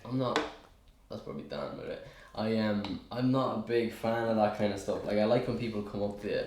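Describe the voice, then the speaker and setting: A man's voice: lowish voice, brisk, darkish tone, echoey room. A young man with an Irish accent, chatting casually as a podcast guest in a rambling, self-deprecating way. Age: young adult. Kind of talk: casual chat.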